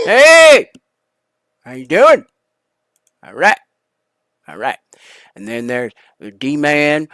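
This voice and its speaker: Rowdy, shouting show host, slow-paced. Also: medium pitch, huge pitch swings. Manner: exuberant, shouting, crude and joking. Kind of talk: loud rambling podcast intro.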